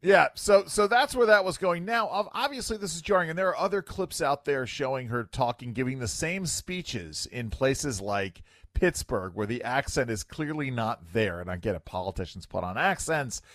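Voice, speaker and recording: Animated man hosting talk radio. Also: mid-range voice, moderate pace, hardly any pauses, no room sound, studio quality. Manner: wry, animated, filler-heavy. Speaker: radio talk show host. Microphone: studio microphone.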